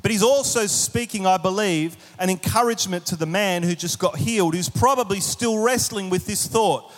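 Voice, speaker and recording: Man, sermon, high voice, animated, humorous asides, long hall reverb. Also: normal speed. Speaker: pastor.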